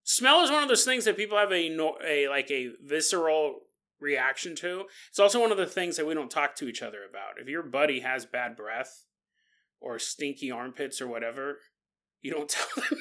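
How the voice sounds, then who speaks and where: A man's voice: a little high, very animated, moderate pace, pushed and bright. A man hosting a solo podcast in a casual monologue, laughing often and acting out the people he quotes. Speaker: podcast host.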